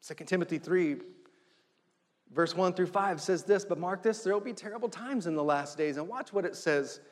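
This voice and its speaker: A man's voice: high voice, normal speed. A middle-aged man preaching a sermon as pastor, driving points home with repetition and rising emphasis. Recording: long hall reverb.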